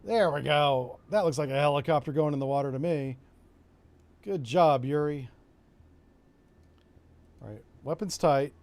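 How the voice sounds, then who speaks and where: A man's voice: a little high, unhurried, pauses often, a little mellow. A middle-aged man from Florida with a Florida accent, chatting and joking with viewers while commentating on a naval strategy game. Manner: chatty, joking asides, talks to chat. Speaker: streamer. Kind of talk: casual gameplay commentary.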